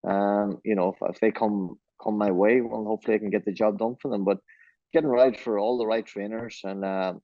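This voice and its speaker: A low-voiced man with an Irish accent from Donegal chats loosely and self-deprecatingly, restarting his sentences as he goes. The sound is dry and dull, like lo-fi call audio. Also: steady tone, brisk, no echo. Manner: easygoing, rambling, self-deprecating, many restarts. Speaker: jockey. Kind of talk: remote interview, casual chat.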